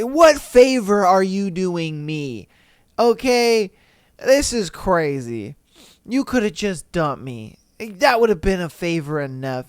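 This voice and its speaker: A man's voice: fairly high pitch, smooth, no echo, clean studio sound. A man hosting a podcast, reacting to reader stories in casual, slangy commentary with frequent laughter and disbelief. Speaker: podcast host.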